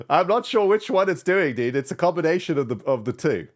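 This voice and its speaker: A male streamer talking casually on his livestream, his voice slightly high and swinging wildly up and down. He vents in exasperation, jumping between loud outbursts and quiet mutters. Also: big pitch swings, fairly quick. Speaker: streamer, channel host. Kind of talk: casual gaming stream chat.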